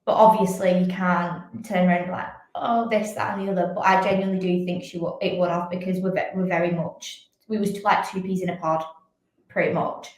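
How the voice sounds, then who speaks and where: A woman's voice: on the low side, flat delivery, brisk, darkish tone. Chatty woman in an echoey room. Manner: chatty, fills speech with "like". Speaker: podcast guest, fitness coach and athlete. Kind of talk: candid casual chat.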